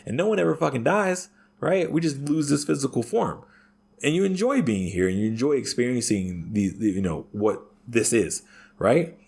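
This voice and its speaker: A man's voice: mid-range voice, expressive, normal speed, gravelly, darkish tone, breathy edge. A man talking as a podcast guest in a profane, ranting way, punctuating his points with "right?". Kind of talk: casual podcast conversation.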